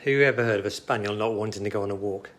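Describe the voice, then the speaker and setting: A man's voice: fairly low pitch, rapid-fire, a bit bright. A man bantering with dry humour beside a cooking host and reading out viewer comments. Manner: dry, joking. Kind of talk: casual banter.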